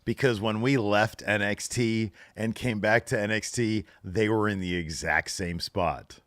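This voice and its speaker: A deep-voiced man chats loosely as a podcast co-host, leaning on "like" and "you know" as he rambles through a story. The mic is close and dry. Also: steady tone, a little slow, a bit bright, no room sound. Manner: chatty, rambling, many fillers like "like" and "you know". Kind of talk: casual chat.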